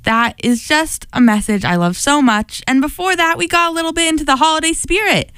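A woman's voice: high-pitched, a little fast, a bit bright, no echo. A young woman hosting a radio show, chatting casually and rambling between songs in a bubbly, enthusiastic way. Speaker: radio host.

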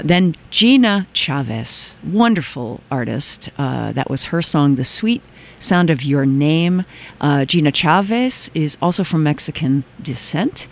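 A woman co-hosting a weekly radio music show, casually back-announcing songs in a chatty, enthusiastic way, often pausing on "uh" as she gathers her words. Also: low-pitched. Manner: chatty, enthusiastic, with frequent "uh" hesitations. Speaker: radio DJ and co-host. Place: radio studio.

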